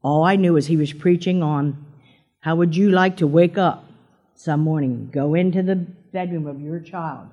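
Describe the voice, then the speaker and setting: A woman's voice: deep voice, normal speed, warm tone, highs cut off. Older church woman, talkative testimony giver, plays out the quotes. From Pennsylvania. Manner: chatty storyteller, acts out quotes in a raised voice. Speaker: church member giving testimony. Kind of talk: personal testimony to a congregation.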